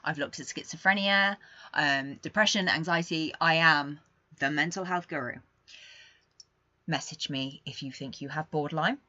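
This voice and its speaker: A woman's voice: low-pitched, normal speed, no echo. Candid young woman, muffled recording. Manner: candid, rambling, swings between quiet and emphatic. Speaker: podcast host. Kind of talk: casual confessional monologue.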